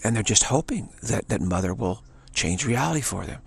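A man giving a rambling spiritual talk, digressive and halting, restarting his sentences often. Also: on the low side, expressive, creaky, slightly rough. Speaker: spiritual teacher. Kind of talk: rambling spoken monologue.

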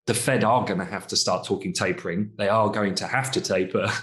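A man co-hosting a finance podcast, talking in a relaxed, chatty way and asking tag questions like "isn't it?". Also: lowish voice, fairly quick. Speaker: co-host, markets commentator. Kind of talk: casual podcast discussion.

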